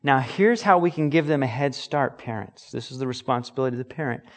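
A man's voice: medium pitch, quick pace. A man preaching a sermon as pastor, earnest and emphatic, acting out little examples.

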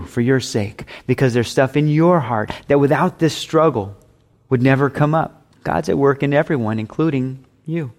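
A man preaching a sermon, swinging from loud emphasis to soft near-whispers and acting out imagined voices in quick asides. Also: on the high side.

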